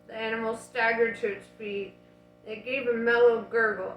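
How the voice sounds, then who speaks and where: A woman reading a novel aloud in a casual, unhurried way, dropping in her own asides. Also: a little high, level tone, a bit bright, reverberant, faint music behind, low-quality recording. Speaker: audiobook reader.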